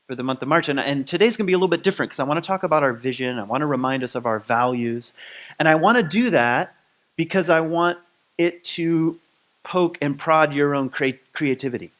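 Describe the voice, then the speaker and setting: Relaxed rambling man giving a talk. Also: on the high side. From Grand Rapids, Michigan. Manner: relaxed and rambling, many ums and restarts. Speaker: speaker at a spiritual community. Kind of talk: conversational sermon.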